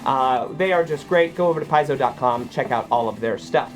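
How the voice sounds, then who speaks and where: A man's voice: medium pitch, a little fast. A man who is under the weather and stands in as host and game master of a live tabletop stream, rambling and joking at his own expense. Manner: self-deprecating, rambling, joking. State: sick with a cold.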